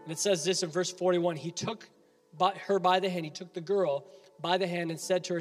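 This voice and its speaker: A man's voice: high-pitched, fairly even intonation, a little fast, big-room sound, faint music behind. A man preaching a sermon as pastor, emphatic and building with repeated appeals.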